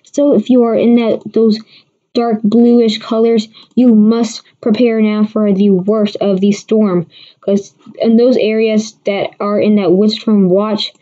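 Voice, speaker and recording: Woman, casual livestream weather talk, rambling and restarting, dark mellow tone, muffled lo-fi sound. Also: mid-range voice, flat delivery, unhurried. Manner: rambling, many restarts, answers chat viewers. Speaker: amateur weather forecaster host. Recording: dull lo-fi stream audio.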